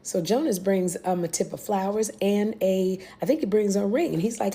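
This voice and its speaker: A young American woman recapping a TV series in a casual, animated way, with exclamations and blunt asides. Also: mid-range voice, a little fast. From United States. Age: young adult. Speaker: reaction video host.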